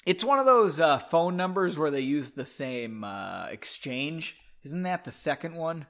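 An American man with a voice on the high side, big pitch swings and a bit of brightness reads a book aloud at a measured pace while drinking whiskey. He rambles, swears, and comments between passages in a casual read-aloud.

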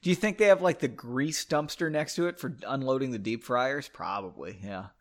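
A man's voice: mid-range voice, expressive, moderate pace. A man reading his own story aloud, breaking off for joking asides and self-corrections. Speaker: reader of his own book.

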